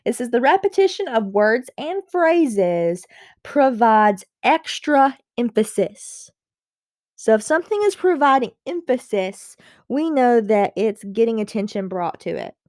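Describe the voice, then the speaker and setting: A woman's voice: on the high side, expressive, measured pace, darkish tone, no room sound, clean studio sound. Patient woman teaching a reading lesson. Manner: explains patiently, repeating key points, with frequent ums. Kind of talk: recorded classroom lesson.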